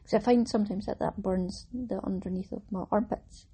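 A woman with a mid-pitched, husky voice, chatting casually on her craft podcast. She rambles cheerfully, stops to correct herself and pokes fun at herself. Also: fairly even intonation, brisk, dark tone. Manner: chatty, self-mocking, rambling with fillers. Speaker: podcast host. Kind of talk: casual chat.

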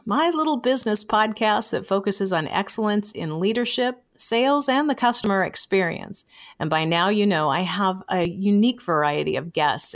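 A woman from the United States hosting a business podcast, chatting warmly and laughing often. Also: mid-range voice. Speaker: podcast host. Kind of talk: casual interview chat.

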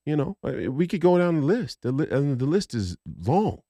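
A man's voice: on the high side, sing-song, brisk, warm tone, no echo, studio quality. A man, co-hosting a podcast, talking heatedly in a rambling, profane way with many restarts. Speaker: podcast co-host. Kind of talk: casual political chat.

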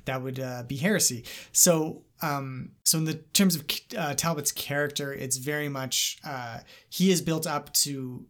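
A man's voice: on the high side, measured pace, hardly any pauses. A man co-hosting a podcast, talking analytically with many hesitations and uhs. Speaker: podcast co-host. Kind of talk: casual literary discussion.

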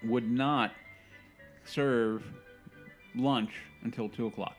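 A man co-hosting a podcast, reading out news items in casual chat, halting and restarting as he gripes. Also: medium pitch, fairly even intonation, soft background music.

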